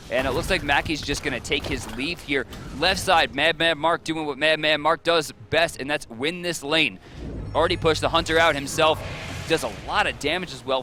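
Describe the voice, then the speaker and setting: A man casting a live esports match, giving quick play-by-play and analysis that gets excited on big plays. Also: fairly high pitch, slight background noise. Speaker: esports caster.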